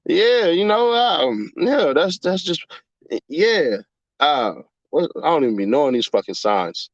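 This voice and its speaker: A man's voice: on the high side, a little slow, no echo. Rowdy man streamer reading chat. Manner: profane, animated, laughs often, swings from mumbling to yelling. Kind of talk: casual livestream chat. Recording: dull lo-fi dry sound.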